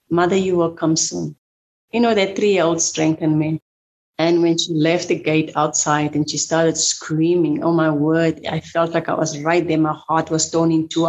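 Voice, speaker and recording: A middle-aged woman giving a halting, emotional personal account as an interview guest. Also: deep voice, a little mellow, poor audio. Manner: halting, repeats words, spoken fillers. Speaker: survivor guest.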